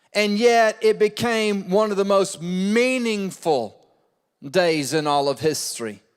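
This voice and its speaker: High-pitched guy preaching a sermon, emphatic, echoey church hall. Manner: emphatic, repeats key phrases. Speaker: pastor. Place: church auditorium.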